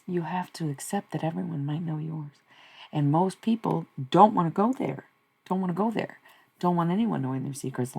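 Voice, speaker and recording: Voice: medium pitch, vocal fry, darkish tone, husky. A live streamer rambling through spiritual musings, repeating questions and swearing casually. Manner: repetitive, searching, swears casually.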